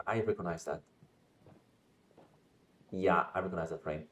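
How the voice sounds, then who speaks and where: A man's voice: sits low, normal speed, a bit bright, slight background noise. A man streaming a game, reading its story text aloud and talking back to the characters with swearing and jokes. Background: game music.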